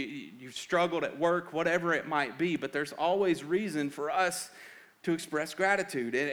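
Earnest man preaching a sermon. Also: a little high. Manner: earnest, repeats words when building emphasis; swings from loud urgent emphasis to soft quiet reflection. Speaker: pastor.

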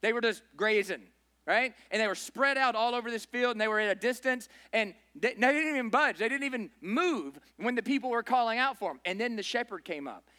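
A man with a high, bright voice delivers a sermon in a church in a relaxed, conversational way. He keeps asking the congregation questions and tags his points with "right?" as he works through the text. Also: brisk. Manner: informal, asks the congregation questions, says "right?" often. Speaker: pastor.

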